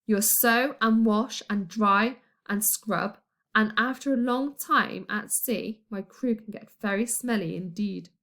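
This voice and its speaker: A woman's voice: mid-range voice, slow pace, a bit bright. Woman playing a gloating pirate captain. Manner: leering, teasing.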